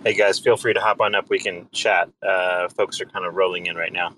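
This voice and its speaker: A man's voice: low-pitched, level tone, fairly quick, a bit bright, slight background noise, rough recording. A man hosting a casual online audio chat, welcoming people in and laughing easily. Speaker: host of crypto audio space. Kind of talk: casual banter.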